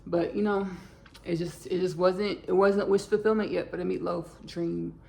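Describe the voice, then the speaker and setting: A woman's voice: on the low side, fairly even intonation, normal speed, vocal fry, darkish tone, low-quality recording. A woman chatting casually to viewers while she cooks in her home kitchen, playful and a little tired. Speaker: home cook vlogger. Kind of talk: casual cooking vlog chat.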